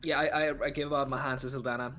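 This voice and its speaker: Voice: mid-range voice, flat delivery, racing, crowd noise. A tabletop game player describing actions in a laid-back way with many restarts.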